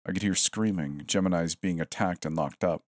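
A man narrating a horror story in a steady, tense storytelling manner. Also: low voice, normal speed, no room sound, clean studio sound.

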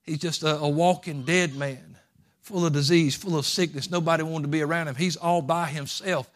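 A man preaching a sermon as pastor, folksy, swinging from quiet asides to impassioned pleading. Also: fairly high pitch, fairly even intonation, normal speed.

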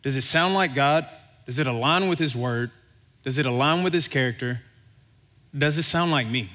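A pastor preaches a sermon in an easygoing, conversational voice at an ordinary middle pitch, livening up as he tells a story and acts out its voices. He speaks at a moderate pace with a bright, forceful tone, and a long reverb tail trails him through the hall.

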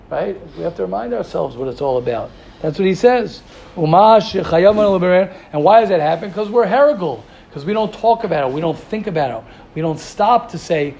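A gravelly-voiced man speaks with a lilt, teaching students in a yeshiva class. He repeats his points and fires off rhetorical questions, his voice sitting somewhat high. A faint hiss runs underneath. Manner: animated, repetitive, rhetorical questions. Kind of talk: Torah class talk to students.

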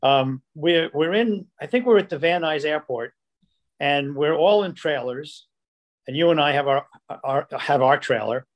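A man's voice: fairly high pitch, unhurried. An older man, a producer, telling stories casually and acting out what people said. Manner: animated, acts out quoted dialogue. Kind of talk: casual storytelling.

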